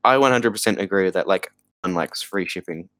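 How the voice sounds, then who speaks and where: A man's voice: sits low, fairly quick, a bit bright, no room sound, poor audio. A man co-hosting a podcast, chatting casually about a bad movie with rambling, exasperated asides and laughter. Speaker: podcast co-host. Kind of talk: casual movie review chat.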